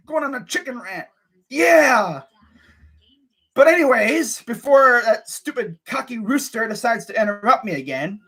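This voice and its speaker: Animated young man ranting about sports. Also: very high-pitched, measured pace, long pauses, slightly rough. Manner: animated, ranting, swears and says bruh a lot. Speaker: sports vlogger. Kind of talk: casual fan rant.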